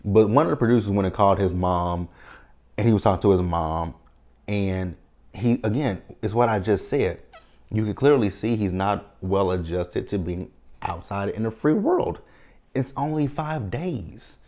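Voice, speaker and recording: A man hosting a casual recap, chatty and quick to laugh, swearing freely. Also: fairly low pitch, lively intonation, a little mellow, muffled recording. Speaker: recap host.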